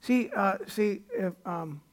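Pastor, male, high gravelly voice, conversational sermon delivery. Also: slow. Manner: conversational preaching, acts out quoted characters.

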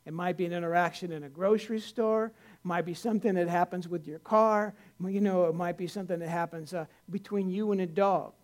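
A man's voice: sits high, fairly even intonation, fairly quick, few pauses. An older man, a pastor, preaching a conversational sermon in a folksy, rambling way, with many restarts, rising to earnest emphasis.

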